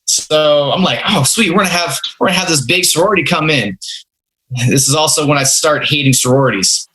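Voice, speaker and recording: This young podcast host's voice is a little high, brisk, pushed and bright, heard over poor audio. He tells casual, meandering stories poking fun at himself and his first jobs.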